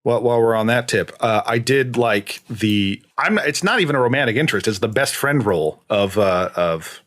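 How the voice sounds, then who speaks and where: A man's voice: mid-range voice, animated, normal speed, a bit bright. A man co-hosting a podcast in casual chat, rambling with restarts and trailing asides. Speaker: podcast co-host.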